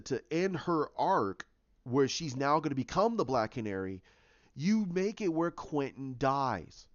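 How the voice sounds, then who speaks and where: A man's voice: a little high, no room sound. Rambling man with lo-fi sound. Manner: rambling, many restarts and fillers. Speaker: fan show host. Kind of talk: casual fan commentary. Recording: dull, lo-fi sound.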